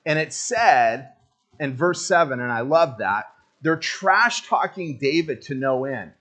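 Speaking a little slowly at medium pitch, this male pastor reads a scripture passage aloud during a conversational sermon. Afterward he plays out his own impatience, full of lively animation.

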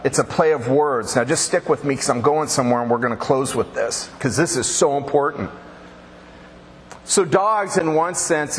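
A man preaching a sermon to his congregation in a conversational, joking way. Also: on the high side. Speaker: pastor. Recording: reverberant hall, faint background noise.

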